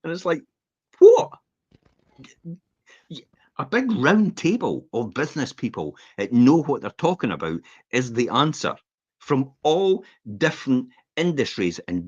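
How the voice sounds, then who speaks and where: A Scottish man chatting on a podcast as the host, opinionated and animated, with laughs slipping into his rants. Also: on the low side, breathy edge, dry recording. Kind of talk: casual podcast chat. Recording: dull lo-fi podcast audio.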